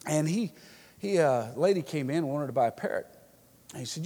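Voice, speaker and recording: A male pastor preaching in church, folksy and fond of repeating himself, building into fervent calls to his congregation. His voice sits fairly high. A long reverb rings around him. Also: expressive, normal speed, mellow. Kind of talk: sermon.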